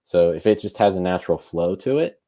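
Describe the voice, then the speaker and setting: Low mellow guy chatting on a podcast, rambly and easygoing. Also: animated, a little fast. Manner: thinks aloud, loose and conversational. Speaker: podcast co-host. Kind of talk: casual podcast chat.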